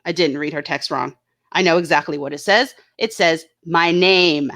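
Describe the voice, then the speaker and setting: A woman's voice: deep voice, moderate pace, a bit bright. A woman hosting her own channel, talking casually and bluntly about online drama, swearing freely and reading out viewers' chat comments. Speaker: YouTube channel host.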